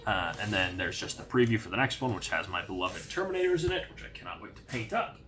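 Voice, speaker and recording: A man's voice: lowish voice, fast, soft background music. A young man giving a casual, rambling unboxing review of a hobby magazine, with plenty of fillers. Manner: relaxed, rambling with many fillers.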